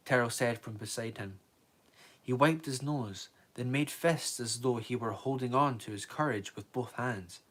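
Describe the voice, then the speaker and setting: A man reads a novel aloud on a live stream at a steady, even pace. Now and then he stumbles over a word and corrects himself before going on. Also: mid-range voice, a little slow. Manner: steady reading with small slips and corrections.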